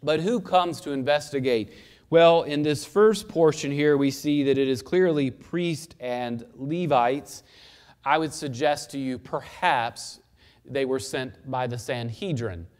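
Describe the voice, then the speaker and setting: A man giving an expository Bible teaching who asks questions and answers them himself, slowing down to stress key points and speeding through asides. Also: mid-range voice. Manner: explanatory, asks and answers his own questions. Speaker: pastor.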